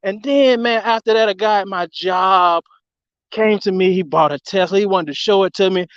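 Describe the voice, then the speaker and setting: An excitable man calling in to a show. His voice is high and smooth, and he laughs easily and keeps calling the host bro. The sound is dull and dry, as over a muffled line. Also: normal speed, no echo. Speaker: caller. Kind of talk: casual chat with the host.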